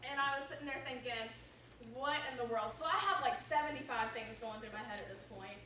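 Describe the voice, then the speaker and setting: A woman's voice: a little high, fast, pushed and bright. Echoey, distant young woman telling a testimony. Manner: casual, filler-heavy storytelling with many "like"s and "um"s. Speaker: person giving a faith testimony. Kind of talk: personal testimony talk. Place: church sanctuary. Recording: very echoey room, distant mic, noisy.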